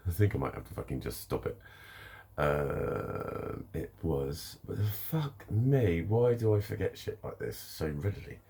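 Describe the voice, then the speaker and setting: A man talking to camera in a rambling, profane, animated way. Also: low-pitched, unhurried, vocal fry, husky. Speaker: vlogger. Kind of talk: casual monologue to camera.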